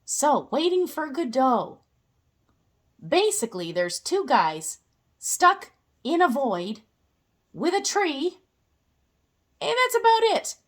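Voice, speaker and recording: A woman's voice: high voice, sing-song, slow pace, long pauses. A young woman giving a casual, playful explainer with jokey asides.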